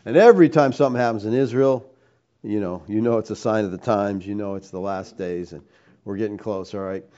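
A man's voice: on the low side, fairly quick, warm tone, dull audio. A man preaching a teaching sermon, emphatic, firing rhetorical questions and tagging points with "all right?".

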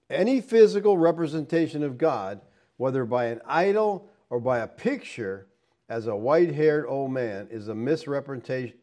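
A man's voice: mid-range voice, a little mellow. A man giving a verse-by-verse Bible teaching, explaining with rhetorical questions and stressing key points.

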